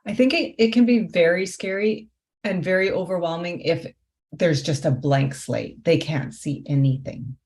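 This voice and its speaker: A woman's voice: on the low side, moderate pace, darkish tone. A woman life coach talking through her work in an interview, reflective, often posing rhetorical questions. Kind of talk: conversational interview.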